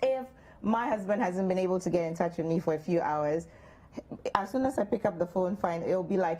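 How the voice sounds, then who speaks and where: A Ghanaian woman co-hosting a relationship advice show in a studio, chatting in an animated, playful way and acting out quoted lines. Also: fairly low pitch, fairly quick, slight background noise. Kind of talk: lively studio chat giving advice.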